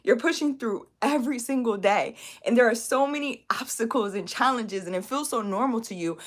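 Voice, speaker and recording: On a live stream, a woman business coach gives an emphatic, encouraging motivational talk, frequently asking "okay?" and "right?". She sounds emotional and near tears. Her voice is a little high, at a normal speed.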